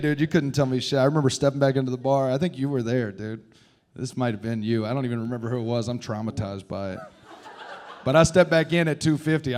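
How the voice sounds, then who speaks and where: A man telling loud, profane, laughing stories on a comedy club stage into a handheld mic. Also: mid-range voice. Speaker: comedian and teacher. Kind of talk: live comedy Q&A storytelling.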